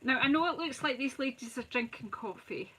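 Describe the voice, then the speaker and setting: A woman's voice: sits high, animated, fairly quick, fairly bright tone, slight background noise, low-quality recording. A Scottish woman hosting a live crafting stream, chatting and joking with viewers as she works and greeting them by name. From Scotland. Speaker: craft channel host.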